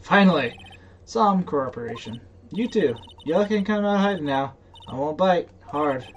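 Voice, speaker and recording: A game voice actor voicing a feisty, folksy Southern woman photographer with a drawl, talking loud and quick to bristle. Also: mid-range voice, animated, a little hiss or hum, close to an everyday voice. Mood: chummy. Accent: American Southern drawl.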